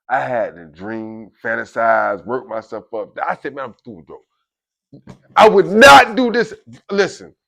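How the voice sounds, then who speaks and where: A storyteller talks to camera about life in prison, casual and animated, often addressing his listeners and acting out voices of guards and inmates. He speaks at a medium pitch with vocal fry.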